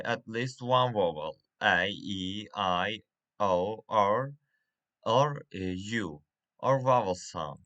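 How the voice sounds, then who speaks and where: Slow, halting man with a bright voice. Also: lowish voice. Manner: slow and halting, with many fillers and restarts. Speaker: English teacher. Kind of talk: reading a pronunciation lesson.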